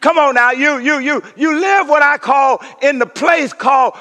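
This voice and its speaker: In a church sanctuary with long hall reverb, a male pastor with a very high voice preaches a sermon at a moderate pace. He uses call-and-response and repeated refrains, swinging from shouted peaks down to hushed near-whispers.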